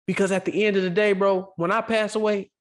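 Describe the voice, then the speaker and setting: A man's voice: high-pitched, flat delivery, brisk, a bit bright. A man co-hosting a podcast, talking earnestly and emotionally in casual slang, calling the listener "bro" again and again. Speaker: podcast co-host. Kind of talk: heartfelt casual podcast talk.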